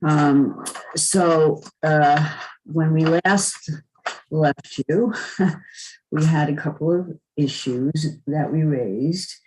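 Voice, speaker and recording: A woman's voice: deep voice, extremely slow, a little mellow, a little hiss or hum, poor audio. A woman chairing a planning board meeting in a chatty way, with frequent chuckles and fillers. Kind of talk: meeting chat.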